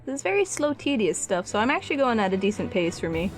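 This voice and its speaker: A woman's voice: medium pitch, very animated, fast, soft background music. A woman streaming her art, chatting casually and a bit sassily with her viewers while she paints. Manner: chatty, sassy, talks to chat.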